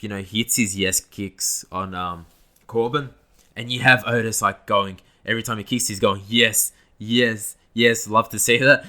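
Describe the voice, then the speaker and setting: Male podcast host, slightly low, tense and bright tone, loose and enthusiastic play-by-play. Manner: rambling, enthusiastic play-by-play retelling. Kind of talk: casual wrestling event recap.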